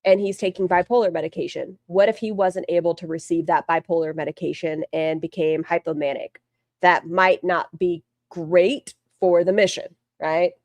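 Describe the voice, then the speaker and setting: A woman with a lowish voice talks through a livestream in a blunt, profane and rambling way. The sound is dry and close, with no room around it. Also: fairly even intonation, moderate pace, a little mellow, no room sound. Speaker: streamer commenting on online drama. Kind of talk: casual livestream commentary.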